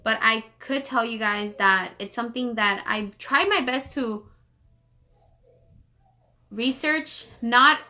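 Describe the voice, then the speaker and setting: A woman from Los Angeles telling a personal story on her vlog, rambling fast with many fillers and restarts while holding back tears. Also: on the high side, sharp tone. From Los Angeles, United States. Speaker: vlogger.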